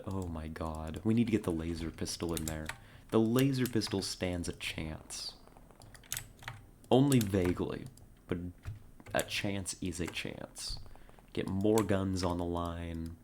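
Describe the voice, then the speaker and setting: A very low-pitched streamer talks slowly through a live game session, with a wry, self-mocking tone while muttering orders at their squad. Faint keyboard and mouse clicking sits behind the voice in a home streaming setup. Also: noisy background. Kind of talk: live gameplay commentary.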